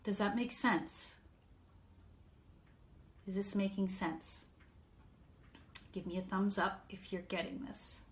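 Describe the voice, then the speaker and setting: Slow-spoken woman parent coach. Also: medium pitch, steady tone, slight background noise. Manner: earnest, reassuring, thinks aloud with fillers. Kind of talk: live-streamed coaching talk.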